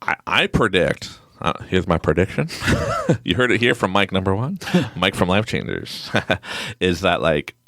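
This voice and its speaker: A podcast host, a man with a very low voice and a gravelly, creaky edge. His pitch swings widely as he rambles through stories, laughing often. The sound is close and dry. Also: moderate pace, no echo. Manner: rambling, animated storyteller who laughs often. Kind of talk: casual interview chat.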